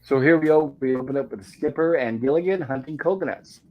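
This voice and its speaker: A man's voice: on the high side, fairly quick, lo-fi sound. Chatty man recapping an old sitcom. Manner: chatty, reads dialogue aloud with little acting. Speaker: host of a live-streamed show. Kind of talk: casual episode recap, reading lines aloud.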